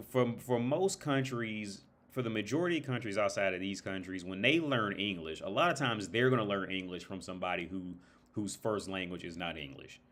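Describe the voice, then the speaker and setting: Hosting a livestream, a man rambles casually, curses freely, and leans on filler words, occasionally putting on British or Irish accents. His voice is low and a little bright.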